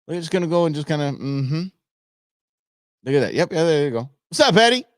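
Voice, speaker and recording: A man hosting a live show, commenting on videos in an animated, joking way. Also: a little high, a little fast, dry recording, studio quality. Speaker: host.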